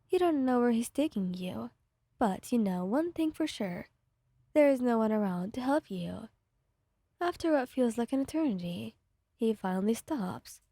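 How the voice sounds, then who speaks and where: A woman storyteller narrating a whispered role-play, her voice soft and hushed and often falling to a whisper. The tone is mellow and breathy and sits a little high, recorded close and completely dry. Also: no echo. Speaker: ASMR storyteller.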